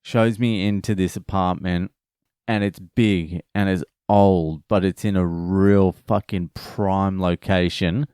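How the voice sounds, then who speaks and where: A man tells a story in a relaxed vlog, dropping curses and retelling who said what. His voice is low-pitched and smooth. He talks at an unhurried pace. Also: no room sound, clean studio sound. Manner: swears freely, retells conversations. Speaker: vlogger.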